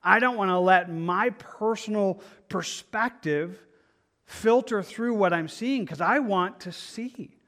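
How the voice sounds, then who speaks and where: A man's voice: sits high, slow, fairly bright tone. A man teaching a Bible study in an earnest, conversational way, often restarting his phrases. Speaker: pastor.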